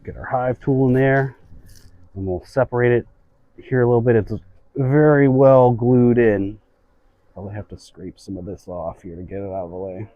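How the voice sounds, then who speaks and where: A man's voice: mid-range voice, moderate pace, no room sound, narrow, tinny audio. A man working as a beekeeper, patiently explaining what he does while he inspects a hive outdoors. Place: outdoors at a beehive.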